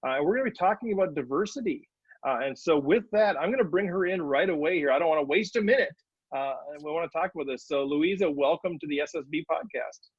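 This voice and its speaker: A man's voice: on the high side, quick pace, husky, no room sound. A man hosting a podcast interview in a friendly way, starting many phrases with "uh". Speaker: podcast host. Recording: dry, dull, lo-fi recording.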